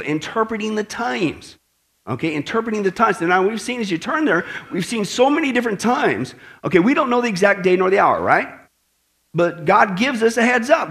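A man preaching a sermon, animated, acting out the voices he quotes. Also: high-pitched. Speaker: pastor.

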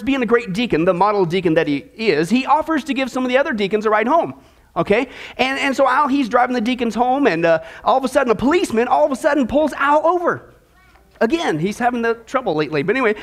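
High-voiced joking pastor preaching. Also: male voice. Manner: jokey, conversational, asks the congregation questions. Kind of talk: sermon with joke opener. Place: church.

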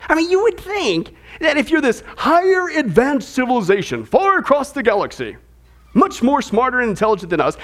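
A male pastor preaching a sermon in an animated, sarcastic way, often repeating his phrases. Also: very high-pitched, a little fast.

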